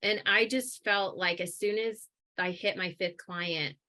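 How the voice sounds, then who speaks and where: Interview guest: woman, 30s, bright, animated, filler-heavy telling of her own story. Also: medium pitch, a little slow. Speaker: guest, coaching business owner. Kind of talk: casual interview.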